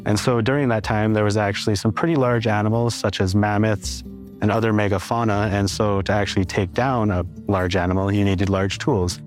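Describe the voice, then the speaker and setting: A man's voice: lowish voice, fairly even intonation, fairly quick, faint music behind. A man explaining in a documentary interview, patient and methodical, often linking points with "and so".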